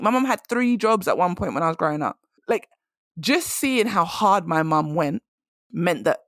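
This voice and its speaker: A woman's voice: mid-range voice, dry recording, clean studio sound. A woman hosting a podcast, giving direct, emphatic career advice in a casual monologue. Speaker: career coach and podcast host.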